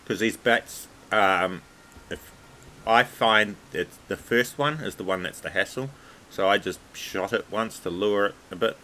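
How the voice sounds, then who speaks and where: A man casually narrating a game walkthrough over gameplay in a relaxed, chatty way. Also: on the low side, unhurried, slight background noise, low-quality recording. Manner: relaxed, chatty, repeats filler words like "obviously".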